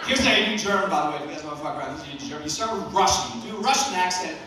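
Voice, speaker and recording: A brash, profane stand-up comedian from West Virginia mocks everything in a high voice. He sounds far from the mic in a very echoey club. Loud room noise fills the background. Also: racing, hardly any pauses.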